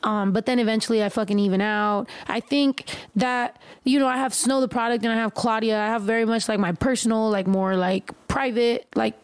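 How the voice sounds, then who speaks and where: A woman hosting a casual livestream chat, talking in an animated, joking and heavily profane way. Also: a little high, fairly quick, few pauses, clean tone, dry recording. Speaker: livestream host.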